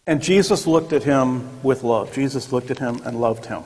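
A man's voice: mid-range voice, animated, normal speed, few pauses. A man teaching a church Sunday school class in a conversational way, with joking asides and acted-out quotes. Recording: long echoey church room.

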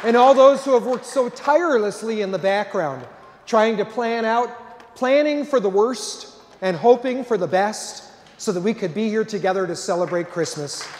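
A man's voice: high-pitched, normal speed, some chatter behind, slight background noise. A man serving as pastor, giving jovial closing remarks and a blessing at Mass in a large church. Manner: jovial, warm-hearted delivery with playful asides. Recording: reverberant church hall.

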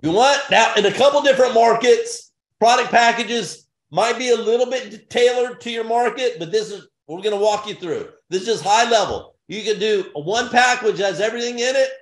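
Man, business pitch presenter, high voice, roomy echo, hyped and repetitive. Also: moderate pace. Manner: hyped, repetitive, punchy short phrases. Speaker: sales presenter.

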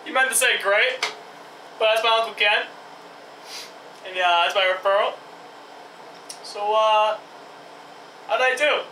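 A man with a high, bright voice hosting a comedy web series. He rambles in a dramatic, flustered way. The sound is echoey and distant, with faint music behind him. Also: a little slow, pauses often, a little hiss or hum. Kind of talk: comedy sketch acting.

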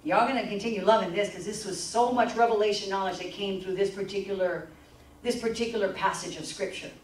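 A woman's voice: medium pitch, a little fast. Woman pastor preaching from afar. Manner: call-and-response preaching, repeats scripture lines. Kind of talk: teaching sermon. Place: church sanctuary. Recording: echoey church hall from far off.

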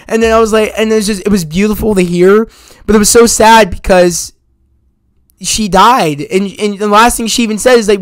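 High-voiced man rambling through a review. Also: fairly even intonation, moderate pace, smooth, no echo. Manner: rambling, emphatic retelling with many fillers and casual swearing. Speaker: movie reviewer. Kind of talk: casual spoken movie review.

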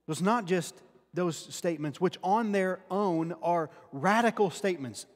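A man's voice: high voice, a little slow. A man preaching a sermon, earnest and often restarting words as he teaches from scripture. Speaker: pastor. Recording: long hall reverb.

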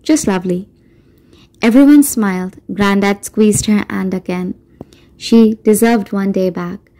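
A woman narrating an audiobook in a measured storytelling manner, doing voices for the characters. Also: mid-range voice, mellow, low-quality recording. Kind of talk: scripted narration.

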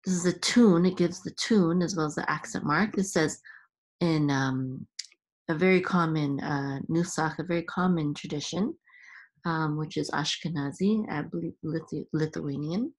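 A woman's voice: low-pitched, normal speed, husky. A woman hosting a reading lesson, patiently sounding out letters and syllables one at a time. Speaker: Hebrew reading teacher and podcast host.

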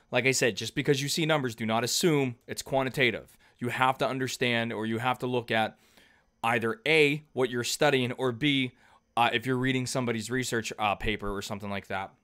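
A man at mid pitch teaches a math lesson as if standing at a board. He talks loosely and patiently, with fillers and frequent checks that the class is following. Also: fairly bright tone. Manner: conversational, checks in with "okay?" often, fillers. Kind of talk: whiteboard lecture.

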